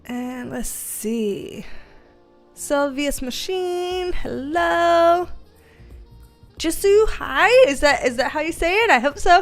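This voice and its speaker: A young woman hosting a casual livestream, reading viewer comments aloud, giggling often, swearing freely and greeting people with excited bursts. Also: high voice, slow, soft background music. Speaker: livestream host, tarot reader.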